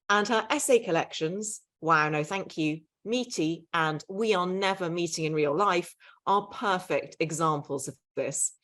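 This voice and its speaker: A British woman opens a livestreamed author event with a smooth, prepared introduction. She sounds effusive and polished, with a mid-range pitch and a steady, even pace, heard over a video call. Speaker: event host and interviewer.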